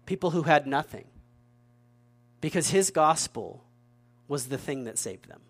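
A man's voice: fairly high pitch, expressive, unhurried, husky. A man preaching a sermon in a conversational way, often repeating words and asking the audience questions. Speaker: pastor.

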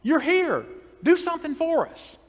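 A man's voice: very high-pitched, big pitch swings, measured pace, long reverb tail, pitched above the performer's own voice, exaggerated voice. A man voicing a country pastor who eagerly coaxes someone to come up and perform. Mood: coaxing. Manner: eager, coaxing. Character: coaxing middle-aged male country pastor.

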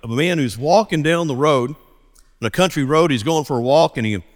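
A man, a pastor preaching a sermon and telling stories with lively acted dialogue. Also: a little high, moderate pace, in a large hall. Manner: animated storytelling, acts out dialogue.

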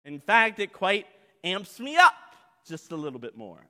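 High, bright-voiced preaching man. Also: huge pitch swings, moderate pace, in a large hall. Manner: dramatic preaching, acts out quoted voices, swings loud to soft. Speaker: pastor. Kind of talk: sermon.

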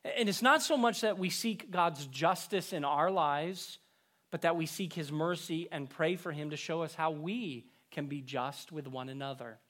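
A man preaching a sermon, rising with emphasis and dropping low at the ends of phrases. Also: normal speed, fairly bright tone. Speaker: pastor.

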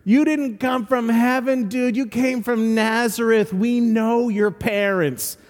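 Man putting on a mocking heckler, high taunting voice, hall reverb. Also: steady tone, slow. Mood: scoffing.

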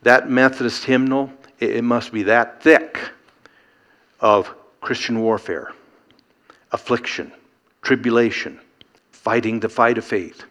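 A man's voice: medium pitch, measured pace, pauses often, fairly bright tone. A middle-aged man preaching a sermon, earnest and emphatic, building to rhetorical questions.

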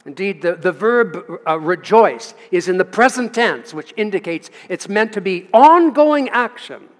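Man, American accent, pastor, emphatic sermon, high-pitched, long church reverb. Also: lively intonation. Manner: emphatic preaching with long pauses and rising stresses. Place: church sanctuary. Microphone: livestream from the pulpit.

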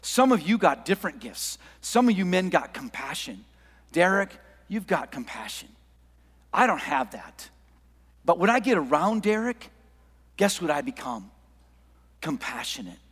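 High-voiced animated male preacher. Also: a little slow, long pauses, slightly rough. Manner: animated, swings from quiet to shouting. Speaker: pastor. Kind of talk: sermon with anecdote. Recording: long hall reverb.

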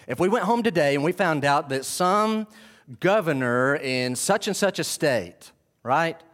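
A man preaching a sermon to his congregation, animated and full of questions to the room. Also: on the high side, unhurried. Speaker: pastor. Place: church sanctuary with congregation.

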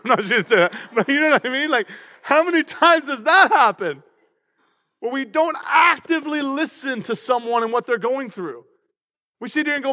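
A man preaching a sermon as pastor, energetic and humorous in a conversational way. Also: very high voice, moderate pace. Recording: long hall reverb.

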